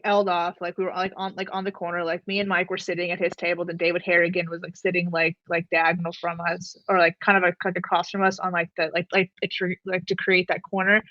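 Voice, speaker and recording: A woman with a lowish, fairly bright voice is an interview guest and comic artist telling a story. She rambles with many filler words and laughs often; there is no echo, though the sound is slightly dull and lo-fi.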